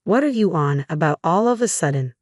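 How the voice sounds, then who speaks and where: A man's voice: on the high side, lively intonation, brisk, no room sound, clean studio sound, close to an everyday voice. A woman reading the part of an arrogant, sexist middle-aged husband who talks down to others. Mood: defensive. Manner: dismissive, condescending.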